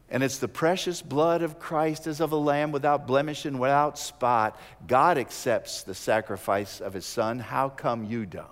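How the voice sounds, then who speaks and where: A man preaching a sermon, rising to loud emphatic peaks and dropping to soft, slow prayer. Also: medium pitch. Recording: long hall reverb.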